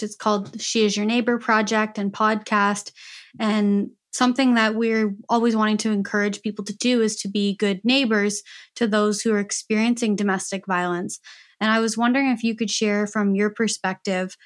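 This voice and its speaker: A woman in the host's chair of a podcast, with a voice of average pitch for a woman. She puts her questions gently and thoughtfully, at a measured pace. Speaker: podcast host. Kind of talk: interview questions.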